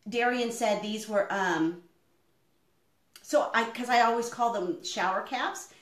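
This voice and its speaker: A woman's voice: fairly high pitch, slow pace. Chatty woman talking in an echoey kitchen. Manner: chatty and rambling, with frequent fillers. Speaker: homestead vlogger. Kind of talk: casual live-stream chat while cooking. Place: home kitchen. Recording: echoey room.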